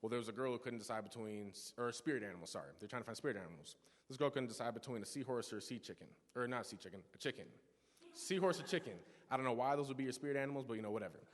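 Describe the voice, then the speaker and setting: A man's voice: mid-range voice, rapid-fire. A young man in his teens gives an earnest personal testimony in a church service, telling stories with frequent restarts and asides. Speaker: youth speaker giving a testimony. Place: church sanctuary. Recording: long church reverb.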